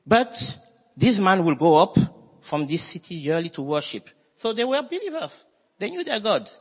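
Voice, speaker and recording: Husky-voiced preacher in a reverberant hall. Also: male voice, sing-song, moderate pace. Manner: emphatic, swinging between high and low. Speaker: pastor. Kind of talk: sermon.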